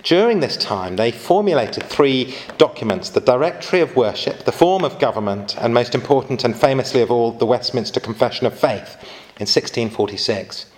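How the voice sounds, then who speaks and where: A man giving an informal church history lecture, adding chatty asides and asking his listeners questions. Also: medium pitch.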